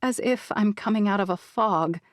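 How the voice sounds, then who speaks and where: A woman's voice: medium pitch, normal speed, dry recording. A woman reads a novel aloud in the first person, telling the story with expression. Her voice sits in a middle range. The studio recording is close and dry. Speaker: audiobook narrator. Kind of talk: scripted first-person narration. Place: recording booth. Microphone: studio microphone.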